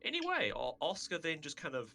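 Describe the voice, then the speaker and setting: A man describing his character's moves in a tabletop game, with a lively, up-and-down voice. He rambles through fillers and laughs often. Faint music plays behind. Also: on the high side, brisk, creaky. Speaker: player.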